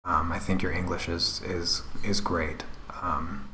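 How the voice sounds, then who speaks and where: A young man with a low, deep voice talks slowly in a rambling, halting way. He hosts a casual live stream, full of fillers and restarts. His voice sounds roomy, with faint hiss behind it. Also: level tone, bright, forceful tone. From United States. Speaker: art channel host.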